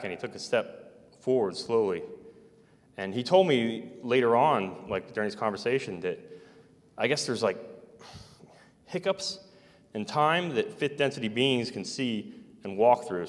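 A man telling a personal story in a casual, halting, meandering way. He sounds like an interviewee recalling his military days. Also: lowish voice. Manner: halting, meandering, soft-spoken. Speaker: interviewee recounting military experiences. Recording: long hall reverb.

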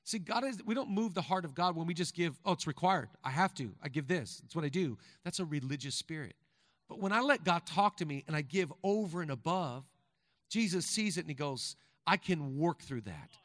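A man preaching a sermon as pastor, talking conversationally with the congregation and building to fervent shouting. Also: a little high, animated, a little fast, no room sound, studio quality, big-room sound. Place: large church hall.

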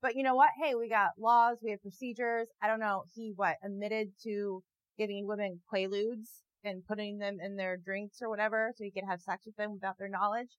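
A young adult woman delivering a rambling, profane comic monologue, sarcastic, with bursts into loud mocking voices. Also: medium pitch, little pitch movement, a little fast, lo-fi sound. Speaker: comedian. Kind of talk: stand-up style comic monologue. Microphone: new wireless mic, walking around.

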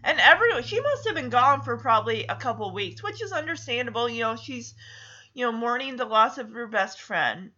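A woman's voice: a little high, animated, fairly quick, bright, forceful tone, muffled recording. A woman casually recapping a movie, chatty and emotional as she tells the story.

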